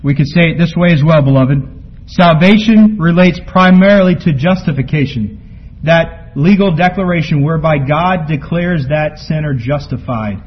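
Guy preaching a sermon, swells up loud then drops way low, fairly high voice, muffled recording. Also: normal speed. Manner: preaching from scripture, rising to emphatic peaks then dropping low. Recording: muffled lo-fi recording with faint background noise.

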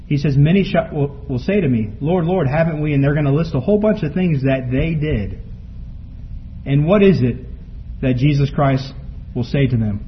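A man's voice: animated, moderate pace. Emphatic preacher man, muffled recording. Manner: preaching from scripture, rising to emphatic peaks then dropping low. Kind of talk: sermon. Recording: muffled lo-fi recording with faint background noise.

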